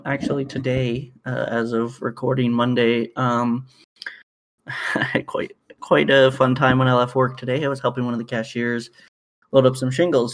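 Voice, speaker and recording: Rambling, profane man from Canada. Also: medium pitch. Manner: rambling, profane storytelling with frequent fillers. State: knee in pain. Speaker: podcast co-host. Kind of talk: casual chat.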